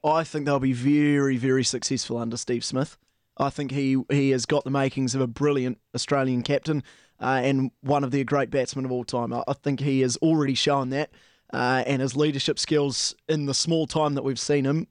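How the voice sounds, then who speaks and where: A man's voice: mid-range voice, flat delivery, normal speed, no room sound, clean studio sound. Earnest New man talking sport. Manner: earnest, hesitant restarts. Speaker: radio sports co-host. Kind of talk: casual sports banter.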